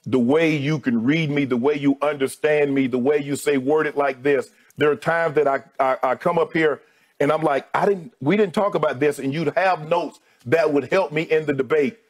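A middle-aged man, a TV sports debate co-host, giving an emotional on-air farewell and thanking his colleagues one by one, his voice sinking low as he speaks. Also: fairly even intonation, normal speed.

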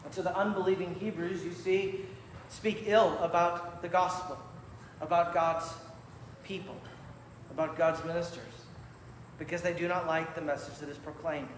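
A man preaching a sermon from the pulpit with emphatic, measured delivery. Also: fairly high pitch, steady tone. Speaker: pastor. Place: church sanctuary. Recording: echoey church hall with faint room noise.

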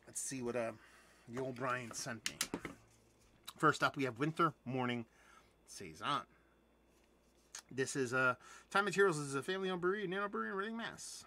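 A man's voice: medium pitch, normal speed, long pauses, noisy background. A man hosting a casual live beer unboxing, chatty and rambling, with lots of fillers and restarts and some casual swearing. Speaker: beer reviewer and channel host.

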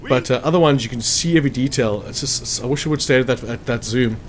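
With a faint hiss or hum behind him, this fast-talking man speaks at medium pitch. He's a gameplay commentator casually narrating a strategy game walkthrough, chatting and musing aloud over hit chances while hiccuping after lunch.

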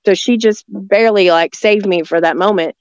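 A woman's voice: mid-range voice, normal speed, dry recording. A woman telling a story in a casual, chatty way, full of likes and ums. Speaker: guest. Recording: dull dry audio.

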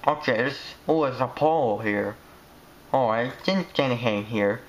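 A man giving excitable, rambling commentary while he plays a game. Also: medium pitch, moderate pace, dull audio, a little hiss or hum.

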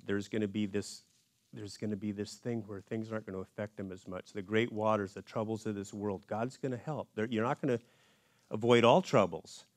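A man giving a conversational Bible study in a church, in a casual and relaxed way with folksy asides. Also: lowish voice, dry recording, clean studio sound. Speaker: Bible teacher.

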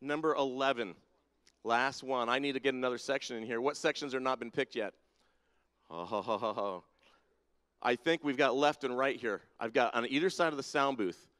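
A man speaks fairly quickly in a medium-pitched, slightly bright voice while running a playful audience-participation segment. In a large church sanctuary with a balcony and spotlights, he teases congregants and calls them down by name, with a big hall's long reverb on the recording.

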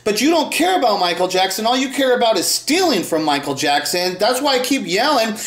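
A man's voice: very animated, brisk, hardly any pauses, a bit bright, reverberant. A man ranting angrily in commentary, swearing and repeating himself, his voice rising when upset. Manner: angry, profane, repeats himself, voice jumps high when upset. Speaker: video host.

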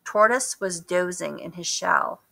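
A woman reading a children's picture book aloud, expressive and asking the listeners questions. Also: on the low side, unhurried, gravelly. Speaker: storybook reader. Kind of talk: children's story read-aloud.

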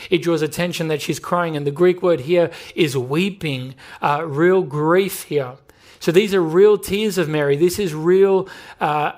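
Earnest Australian pastor preaching. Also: male voice, on the high side. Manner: earnest, emphatic preaching with repeated phrases. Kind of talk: sermon with prayer.

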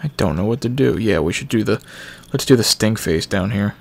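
A young man giving casual let's-play commentary on a video game, candid and reacting loudly to what happens on screen. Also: fairly low pitch, expressive, a little fast, creaky. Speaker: gameplay commentator.

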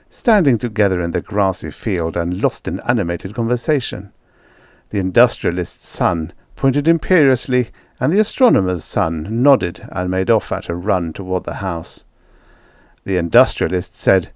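A man narrating a vintage science fiction story as an audiobook reader, expressive in his storytelling. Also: fairly low pitch, moderate pace, no room sound, studio quality. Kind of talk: scripted narration.

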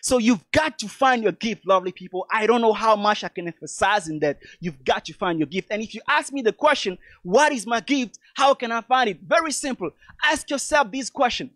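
A man's voice: high-pitched, lively intonation, a little fast, hardly any pauses, fairly bright tone, dry recording. A man from Togo, giving an emphatic motivational speech and calling his audience "lovely people". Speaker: motivational speaker.

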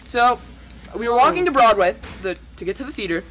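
A man's voice: extremely high pitch, lively intonation, a little fast, pushed and bright, a little hiss or hum. A teenage boy playing a video game with friends, joking and telling a goofy story. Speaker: player. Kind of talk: casual gaming banter.

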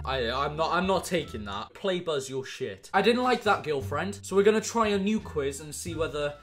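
A man's voice: on the high side, moderate pace, hardly any pauses. A young man from Wales with a Welsh accent, chatting casually and bantering through an online quiz, swearing often. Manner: swearing, banter-filled, animated. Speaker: YouTuber.

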